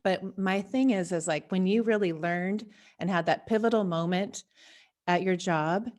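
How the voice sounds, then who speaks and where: A woman's voice: on the low side, unhurried, a little mellow. A woman hosting a podcast interview, chatty and friendly, who leans on the word "like" as she talks. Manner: friendly, chatty, heavy use of like. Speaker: podcast host. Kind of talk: casual interview chat.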